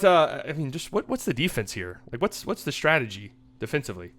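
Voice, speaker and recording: A young man hosting a casual basketball breakdown, animated and joking, cursing casually. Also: a little high, fairly quick, hardly any pauses. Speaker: basketball analysis host. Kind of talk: casual sports breakdown commentary.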